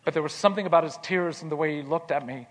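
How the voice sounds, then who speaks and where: A man telling a personal story in an earnest way, repeating words as he starts and going quiet in tender moments. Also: a little high, very fast, in a large hall. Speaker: speaker telling his life story.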